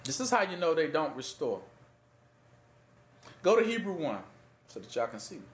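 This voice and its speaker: A man with a fairly high voice gives an informal Bible teaching in a plain, conversational way. He keeps asking his listeners to finish his sentences. The sound bounces around a roomy, echoing space. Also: big pitch swings, normal speed. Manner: rhetorical fill-in-the-blank questions to listeners. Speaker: preacher teaching scripture. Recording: echoey room.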